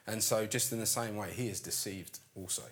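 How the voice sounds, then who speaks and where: A man preaching a sermon in an animated storytelling way, acting out the characters' lines. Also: lowish voice, fairly quick.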